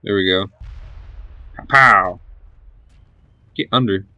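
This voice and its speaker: A man's voice: on the low side, slow pace, bright, forceful tone, no echo. A man giving live gameplay commentary as a gaming channel host, cheering on his units and swearing casually.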